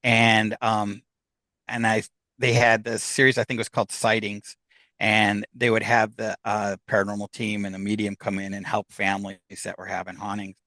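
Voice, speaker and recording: A man's voice: lowish voice, level tone, moderate pace, bright, forceful tone, no room sound. Middle-aged man telling a rambling story. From United States. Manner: rambling anecdotal telling, acting out what others said. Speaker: guest. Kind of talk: casual storytelling.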